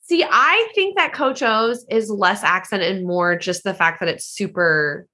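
A woman's voice: mid-range voice, a little slow, sharp tone. A woman who works as a team broadcaster, talking as a guest on a podcast in a chatty way, full of "like" fillers. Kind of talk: casual podcast interview.

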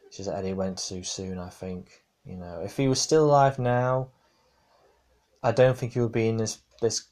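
A man's voice: on the low side, normal speed, a little mellow. A man hosting a casual podcast, rambling with many fillers and restarts. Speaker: podcast host. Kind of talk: casual wrestling review podcast.

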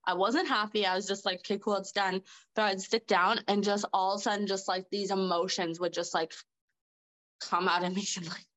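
A woman's voice: medium pitch, flat delivery, fairly quick, a bit bright, low-quality recording. A woman guest on a podcast telling stories casually, laughing often and filling her speech with "like". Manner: chatty, laughs often, heavy use of "like". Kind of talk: casual conversational storytelling.

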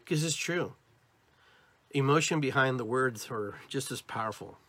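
Husky-voiced American man, lively spiritual talk. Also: mid-range voice, unhurried, dry recording. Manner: animated, demonstrating inflections. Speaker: podcast host.

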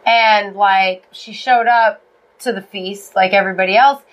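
A woman's voice: medium pitch, fairly even intonation, unhurried, poor audio. A woman co-hosting a podcast, retelling a fairy tale casually with jokes, swearing and apologetic asides. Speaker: podcast co-host.

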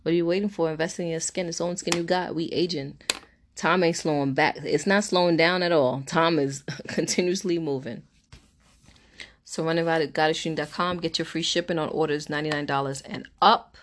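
Brash young woman, low voice, chatty slangy sales pitch with laughs. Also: fairly even intonation, a little fast. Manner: playful, slangy. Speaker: business owner promoting her products. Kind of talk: promotional pitch.

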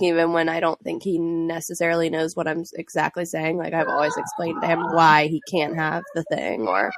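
Young woman, parent, casual chat, low-ish voice, hesitant, filler-heavy, dry recording. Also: dry recording. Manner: thoughtful, hesitant, many "like" fillers. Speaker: parent in a conversation.

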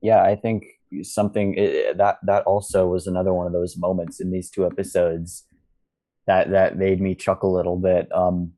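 A man co-hosting a podcast, speaking in a measured, thoughtful way with halting restarts. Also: deep voice, flat delivery, warm tone. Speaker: podcast co-host. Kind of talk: casual podcast discussion.

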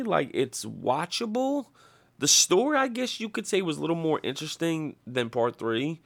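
A man with a gravelly, fry-edged voice rants through a casual podcast, swearing constantly and doubling back on his sentences. He gets animated and loud in bursts, then settles back into a rambling flow. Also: a little high, moderate pace. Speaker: podcast host. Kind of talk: casual profane rant.

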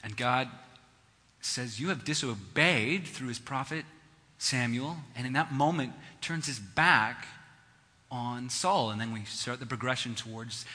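A man's voice: mid-range voice, a little slow, sharp tone. A man preaching a sermon in a conversational teaching manner, driving his points home with emphatic repetition. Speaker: pastor. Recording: long hall reverb.

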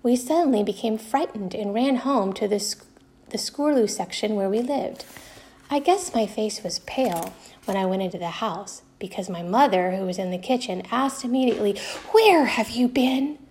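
A woman reading a first-person novel aloud for a class, in steady storytelling. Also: medium pitch, moderate pace, slight background noise. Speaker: reader.

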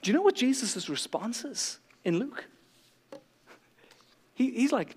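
A man's voice: extremely high pitch, sing-song, a little slow, bright, forceful tone, in a large hall. A male pastor preaching a sermon in a passionate, confrontational way.

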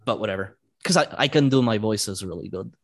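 A man's voice: lowish voice, animated, brisk. A man co-hosting a podcast in casual chat, talking loosely and slipping into playful voices. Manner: chatty, breaks into playful put-on voices. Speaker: podcast co-host. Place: video call.

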